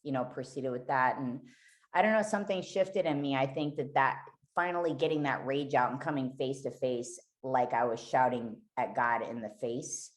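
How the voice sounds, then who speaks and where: A woman's voice: very deep voice, moderate pace. A woman guest on a podcast, candidly telling a raw, emotional personal story and swearing freely.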